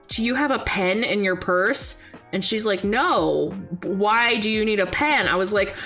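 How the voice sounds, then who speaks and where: A young woman streamer telling a story in casual chat, animated, often laughing and acting out the voices of people she quotes. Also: mid-range voice. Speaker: vtuber streamer. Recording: faint music behind the voice.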